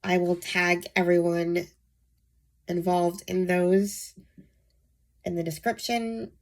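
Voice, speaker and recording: A woman hosting her book channel, sick and nasal, talking softly to save her voice, with frequent ums. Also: lowish voice, level tone, slow. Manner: soft-spoken, saving her voice, many ums. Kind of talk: casual book vlog.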